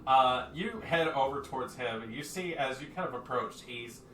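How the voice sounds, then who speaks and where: A man's voice: medium pitch, moderate pace, a bit bright, roomy sound, far from the mic, slight background noise, rough recording. A man narrating a tabletop game as game master, rambling with many fillers.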